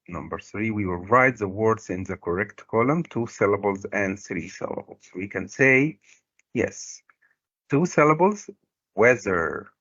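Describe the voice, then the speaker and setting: A middle-aged Egyptian man, a native Arabic speaker, teaching a recorded English lesson. He pulls words apart slowly to stress each syllable and sometimes explains in Arabic. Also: on the low side, a bit bright, dry recording. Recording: dull, lo-fi dry recording.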